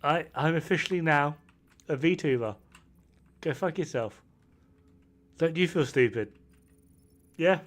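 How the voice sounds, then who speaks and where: A man's voice: on the high side, unhurried, pauses often. A man chatting on a stream, rowdy and swearing with self-mocking banter, tipsy from whiskey at home. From United Kingdom. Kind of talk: casual stream chat. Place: home room, camera off.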